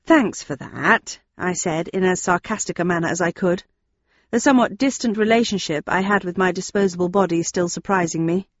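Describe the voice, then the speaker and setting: A woman's voice: lowish voice, steady tone, fairly quick, lo-fi sound. Woman narrating an audiobook in first person.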